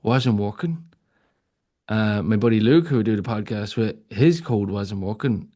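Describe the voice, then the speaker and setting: A man's voice: fairly low pitch, unhurried, dark tone. A man, a podcast host telling a story in casual chat with lots of fillers and restarts. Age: 30s.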